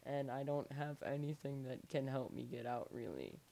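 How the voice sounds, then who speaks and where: A man's voice: mid-range voice, animated, moderate pace, vocal fry, dark tone, slight background noise. A young man giving playful let's play commentary, coaxing an animal along with lots of repeated encouragement. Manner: playful, coaxing and repeating himself as if talking to a pet. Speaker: gamer.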